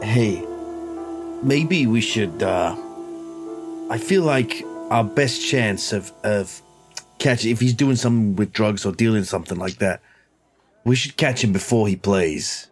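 A man's voice: lowish voice, lively intonation, faint music behind. A man playing a tabletop game, speaking hesitantly with many fillers. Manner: hesitant, halting. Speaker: player. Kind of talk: tabletop game play, in character.

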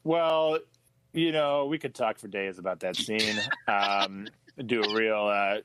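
A man's voice: on the low side, takes it slowly, heavy background noise. A man co-hosting a casual comedy podcast chat, easygoing and jokey. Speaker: podcast co-host.

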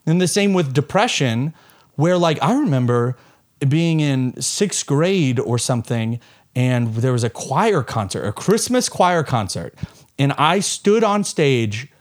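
A young adult man talking casually, telling stories in an animated way with quick asides. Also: medium pitch. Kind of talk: casual chat.

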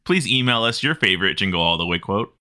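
A man's voice: lowish voice, animated, sharp tone. A man co-hosting a casual gaming podcast, joking around and laughing often. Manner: laughs often, jokey, quick asides. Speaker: podcast co-host. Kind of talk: casual chat.

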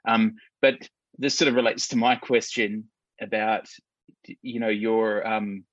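A man from the audience asking a guest a question, polite and measured. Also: on the low side, steady tone, fairly bright tone, dry recording, highs cut off.

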